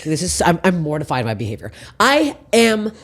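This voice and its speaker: A woman hosting a podcast, telling stories in casual chat with lots of swearing. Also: on the low side. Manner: rapid, profane, animated storytelling. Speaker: podcast host.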